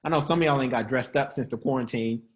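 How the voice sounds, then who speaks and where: A man's voice: medium pitch, fast talker. A man hosting an upbeat motivational teaching session in a casual, slangy way, joking, laughing often and quizzing his listeners. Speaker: host of an online church-style teaching.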